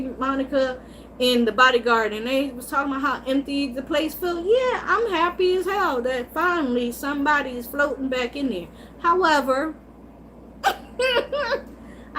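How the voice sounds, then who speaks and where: A high-pitched woman hosts a casual livestream, answering her chat as she gossips about soap operas. She is animated, swears freely and laughs often. A faint hiss sits behind her voice. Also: low-quality recording. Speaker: livestream host.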